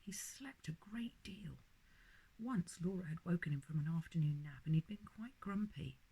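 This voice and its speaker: A woman reading a bedtime story aloud with a lively, expressive manner. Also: on the low side, normal speed, husky, poor audio.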